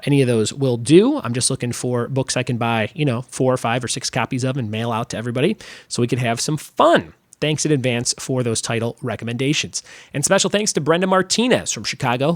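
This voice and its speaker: A man in the middle pitch range talks through his podcast's closing promotions in a chatty, upbeat way. The sound is dry and close, with no room around the voice. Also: dry recording. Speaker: podcast host.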